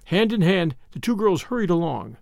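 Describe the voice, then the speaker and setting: Expressive male audiobook narrator. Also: high-pitched, normal speed, creaky, no room sound, studio quality. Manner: expressive storytelling. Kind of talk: scripted narration.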